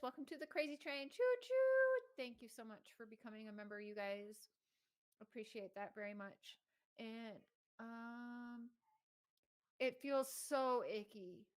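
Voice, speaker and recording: Woman, livestream host, outspoken, indignant, fairly high voice. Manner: outspoken, indignant, greets viewers by name. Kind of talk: casual livestream commentary.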